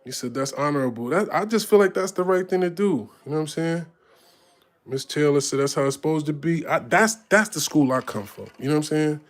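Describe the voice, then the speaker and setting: Casual male storyteller, slightly high, lively and profane. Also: a little fast. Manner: animated, profane, acts out voices. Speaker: rapper telling tour stories.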